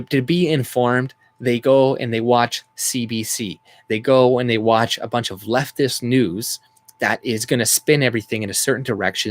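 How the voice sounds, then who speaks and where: A man who rants about politics in a heated, rambling way and swears often. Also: medium pitch. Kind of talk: angry political rant vlog.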